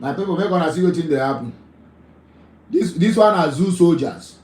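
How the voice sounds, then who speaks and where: A man's voice: fairly high pitch, lively intonation, normal speed, darkish tone, reverberant, low-quality recording. A Nigerian man hosting a live call-in talk show, emphatic, often repeating his phrases.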